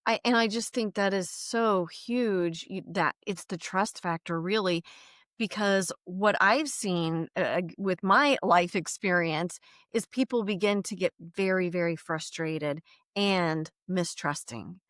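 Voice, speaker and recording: A woman's voice: on the low side, a little slow, fairly bright tone, no echo. A woman hosts a podcast in a casual, conversational way. She murmurs agreement often and asks follow-up questions. Her voice is recorded dry and close. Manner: affirming, with frequent murmured agreement. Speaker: podcast host. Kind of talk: casual interview chat.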